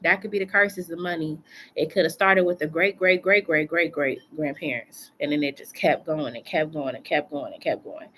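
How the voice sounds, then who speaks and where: A woman's voice: deep voice, moderate pace, fairly bright tone, a little hiss or hum. A woman doing a casual live tarot reading from home, chatty and colloquial, repeating phrases for emphasis. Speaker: tarot reader.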